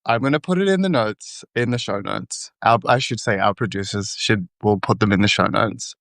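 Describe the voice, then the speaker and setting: A man's voice: lowish voice, normal speed, creaky, fairly bright tone, no room sound. A man from Queensland, co-hosting a podcast in casual chat, easygoing and self-mocking, trailing off with ums. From Queensland, Australia. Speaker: podcast co-host.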